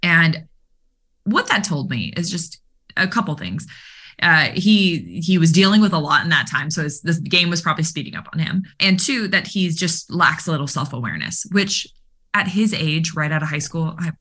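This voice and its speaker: Low bright-voiced woman telling a story. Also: normal speed, breathy edge. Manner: animated, many fillers, acts out quoted dialogue. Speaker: guest, mental performance coach for baseball players. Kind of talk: conversational storytelling.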